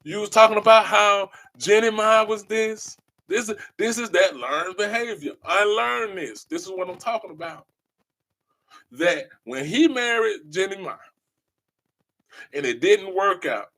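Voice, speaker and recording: Emphatic, preachy man with a high voice. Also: expressive, unhurried, a bit bright. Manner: emphatic, preachy, repeats key phrases. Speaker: podcast host. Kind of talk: passionate podcast monologue.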